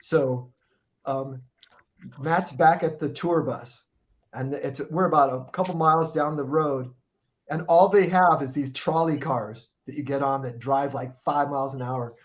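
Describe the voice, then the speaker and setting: A man's voice: medium pitch, steady tone, a little slow. A middle-aged man telling a long, profane story in a casual podcast chat, rambling and restarting his sentences often. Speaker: guest musician telling a tour story.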